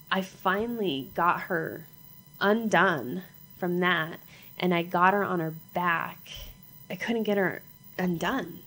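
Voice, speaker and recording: A middle-aged woman tells a personal story in a low, gravelly voice. She speaks haltingly, repeating herself and acting out what each person said. Her voice has a steady rasp of vocal fry. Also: a little hiss or hum, rough recording. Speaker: mother sharing her story.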